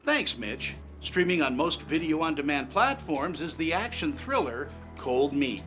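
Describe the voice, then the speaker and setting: Lively male film reviewer. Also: a little high, unhurried, soft background music. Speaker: film critic.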